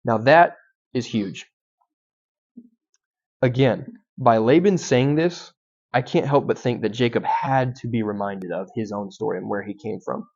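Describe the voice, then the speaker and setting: A young adult man teaches through a Bible passage as a guest speaker, talking it over casually with plenty of ums and self-corrections. His voice sits at a medium pitch, and the recording is somewhat dull and lo-fi. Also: a little slow, a little mellow. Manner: conversational, frequent ums and restarts. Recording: dull lo-fi sound.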